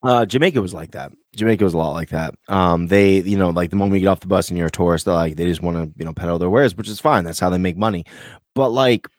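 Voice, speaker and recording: Low-voiced rambling American man. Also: fast, no echo, clean studio sound. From United States. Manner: rambling, heavy on "like" and swearing. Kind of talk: casual chat.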